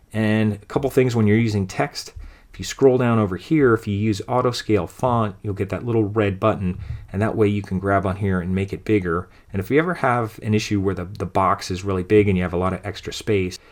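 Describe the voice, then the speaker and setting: A man teaching a design software lesson over a screen recording, talking through each step in a relaxed, thinking-aloud way. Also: fairly low pitch, brisk. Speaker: design instructor.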